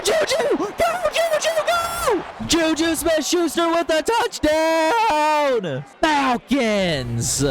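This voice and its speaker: A man's voice: medium pitch, a little hiss or hum. A young man giving sportscaster-style play-by-play of a football video game. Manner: sportscaster-style, quickly excited. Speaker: gaming commentator.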